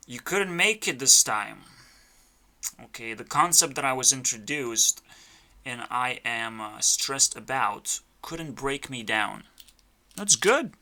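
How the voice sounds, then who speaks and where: A man's voice: mid-range voice, pushed and bright, a little hiss or hum. A man rambling in a profane, erratic monologue, his volume swinging up and down as he rants. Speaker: vlogger.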